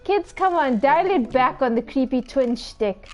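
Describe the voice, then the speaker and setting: A woman's voice: high voice, animated, measured pace, a little mellow, soft background music. A woman hosting a gaming video, reading a dating game's text aloud and adding playful, giggly, teasing asides. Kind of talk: reading a dating game aloud with live commentary.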